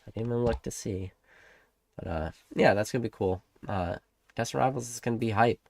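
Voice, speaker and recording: A man's voice: lowish voice, fairly quick, vocal fry, a little mellow, no echo. A man hosting a livestream, rambling in a casual rant, repeating rhetorical questions, swearing now and then, and reading out and greeting chat viewers. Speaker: livestream host.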